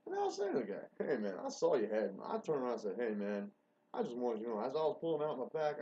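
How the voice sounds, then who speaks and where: A man hosting a rambling solo show, excitable and profane, swinging between low mutters and sudden loud outbursts. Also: fairly quick, slightly rough. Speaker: show host. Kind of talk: rambling monologue. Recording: dull lo-fi recording.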